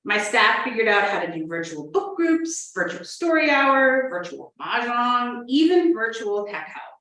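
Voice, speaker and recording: A woman's voice: fairly high pitch, big pitch swings, unhurried, pushed and bright, recorded from a distance. A woman from New Hampshire, giving an earnest conference talk as a librarian, telling stories with playful asides. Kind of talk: prepared conference presentation. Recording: roomy, echoey from off the mic.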